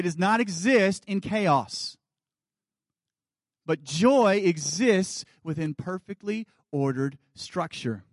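A man in his thirties preaching a sermon as guest pastor, earnest, often dropping to soft quiet asides. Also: sits high, no echo, studio quality. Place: church sanctuary.

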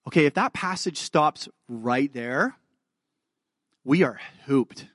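Slow and expressive, a male pastor with a medium-pitched, slightly bright voice reads scripture with mounting fervor during his sermon. He earnestly checks in with listeners and drops self-deprecating remarks, recorded studio-quality without echo.

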